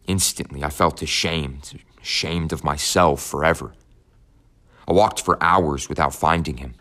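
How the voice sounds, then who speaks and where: Very deep-voiced man narrating an audiobook. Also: sharp tone. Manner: measured, somber, first-person telling.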